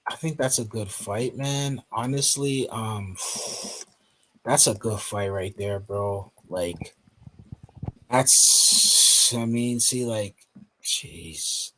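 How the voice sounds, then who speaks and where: A man's voice: on the low side, very slow, pushed and bright. A man on a casual podcast panel, talking in a laid-back way and saying "bro" and "man" a lot.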